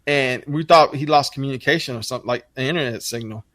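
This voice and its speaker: Guy, casual podcast guest, cussing and rambling, pitch climbs when riled, dry close mic. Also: fast talker, fairly bright tone, no echo. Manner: profane, rambling, voice jumps way up when worked up.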